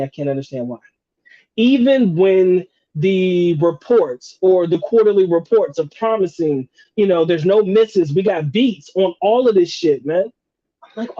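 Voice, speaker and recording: A man's voice: sits high, mellow, dry recording, highs cut off. A man from North Carolina, hosting a live question-and-answer stream in a casual, slangy, profane way and often laughing. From North Carolina, USA. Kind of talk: casual livestream chat.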